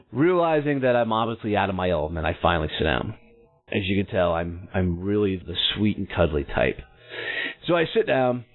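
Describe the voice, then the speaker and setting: Blunt man telling a story over a phone-thin line. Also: fairly low pitch. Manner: blunt, salty, self-mocking. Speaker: podcast host. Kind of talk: storytelling monologue. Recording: narrow phone-like sound.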